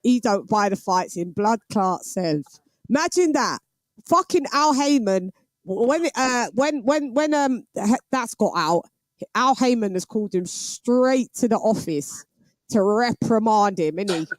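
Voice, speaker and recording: Woman, stream host, animated and cheeky, slightly high voice, dry close sound. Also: unhurried, no echo. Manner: animated, laughs often, talks back to chat. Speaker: boxing show host. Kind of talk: casual live-stream chat.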